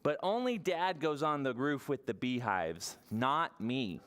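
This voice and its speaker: A children's librarian reading a picture book aloud to preschoolers, asking the kids questions along the way. The voice swings widely in pitch and moves at an unhurried pace. The tone is smooth and clear. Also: soft background music. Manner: animated and expressive, asks the children questions.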